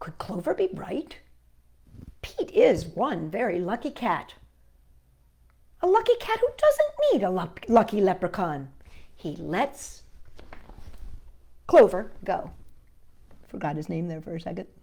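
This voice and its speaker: A woman hosting a children's storytime, reading a picture book aloud in a gentle, animated way with sound effects. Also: mid-range voice, unhurried, vocal fry, pauses often, breathy edge.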